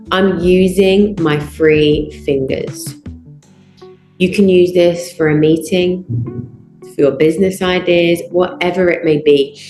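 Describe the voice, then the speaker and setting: A woman with a fairly low voice leads a public speaking lesson at an unhurried pace. She stresses her points in strings of short, punchy phrases. Her voice rings in a roomy space, with faint guitar music underneath. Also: a little mellow. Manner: emphatic, builds lists of short punchy phrases. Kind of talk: online training lesson. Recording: roomy echo.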